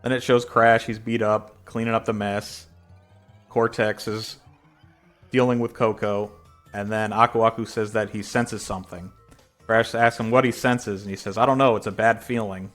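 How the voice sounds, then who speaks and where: A man's voice: lowish voice, little pitch movement, moderate pace, fairly bright tone, soft background music. A man casually reading a translated comic aloud and narrating its panels, in a loose, rambling way with many fillers. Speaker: reader.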